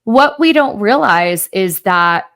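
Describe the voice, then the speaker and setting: A woman podcast host in casual, chatty conversation. Her pitch sits in the middle for a woman, and she talks with lively emphasis, dropping in the odd swear word. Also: takes it slowly.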